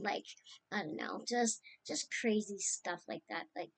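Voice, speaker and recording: A woman talks in an unhurried, meandering way, letting her stories drift as she reminisces about a loved one. Her voice sits at an ordinary middle pitch, and her tone is affectionate and informal. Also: gravelly, slightly rough. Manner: rambling and tender, drifting between stories. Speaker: niece sharing memories of her late uncle. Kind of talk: casual spoken remembrance.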